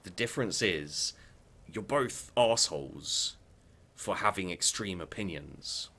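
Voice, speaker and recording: A man's voice: low voice, expressive, takes it slowly, bright, forceful tone. A man ranting bluntly about his opinions, swearing often and restarting his sentences. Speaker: vlogger. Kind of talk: heated opinion rant.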